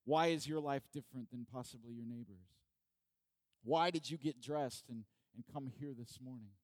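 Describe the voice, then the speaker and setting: Male pastor, middle pitch, dry close sound; conversational sermon heavy on rhetorical questions. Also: normal speed, dry recording.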